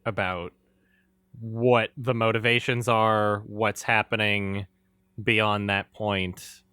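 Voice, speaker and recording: Brief: male podcast co-host, bright edgy tone, teasing banter, dry close mic. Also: fairly low pitch, little pitch movement, slow pace, smooth, no echo. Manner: teasing, wry. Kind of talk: casual film discussion.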